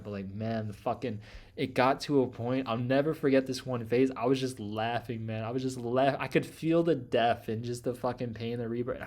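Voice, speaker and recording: A young man delivers a fired-up, profane monologue, circling back to the same points again and again. His talk is intense and loose, packed with swearing and filler. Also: mid-range voice. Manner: intense, swearing constantly, repetitive. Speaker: trading channel host. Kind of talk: profane motivational rant.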